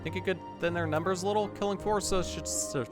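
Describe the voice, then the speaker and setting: A man voicing a brisk, matter-of-fact male hunt leader in a video game. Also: high-pitched, fairly even intonation, music in the background, voice pushed up, natural voice.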